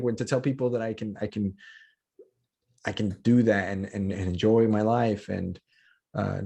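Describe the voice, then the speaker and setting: A low, gravelly voice with a dark, husky edge. He is a man from Colombia talking as a podcast guest, speaking with passion and stacking up repeated words as he builds his case. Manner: impassioned, piling up repeated words as he builds a point. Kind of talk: casual conversation.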